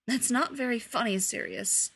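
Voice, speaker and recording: Woman doing Remus, a quiet bookish boy. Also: on the high side, normal speed, gravelly, husky, heavily acted. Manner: quiet and reserved, then sharp.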